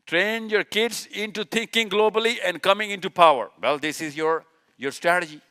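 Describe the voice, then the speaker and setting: A man with a fairly high, bright voice lectures a live audience in an event hall. He is emphatic, pounds on repeated words, and fires off rhetorical questions that he answers himself, while clicking through slides. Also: normal speed, clean tone. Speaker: speaker.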